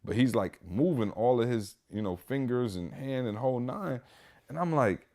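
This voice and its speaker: A man hosts a podcast and tells a personal story in a loose, animated way. His voice sits on the low side, and he keeps stopping to address the listeners, full of fillers and restarts. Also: a little fast. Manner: animated, speaks straight to listeners. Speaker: podcast host. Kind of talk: casual storytelling.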